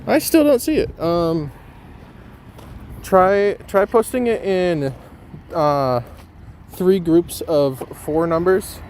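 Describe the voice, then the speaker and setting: A man's voice: high voice, animated, takes it slowly, pauses often, a little mellow, a little hiss or hum. A man hosting a casual live stream, chatting and reading viewer comments aloud with frequent ums.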